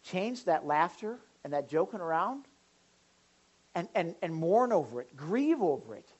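Lady pastor preaching, lively, slips into little voices of folks in the pews. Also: lowish voice, measured pace, slightly rough, lo-fi sound. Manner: animated, acts out congregants' voices. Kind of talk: sermon.

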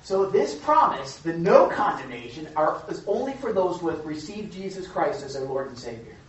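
Animated preacher woman in an echoey hall. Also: lowish voice, moderate pace, a little hiss or hum. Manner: animated, emphatic, acts out quoted voices. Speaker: youth pastor. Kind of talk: lively youth sermon. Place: church hall. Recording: echoey hall from far off, dull.

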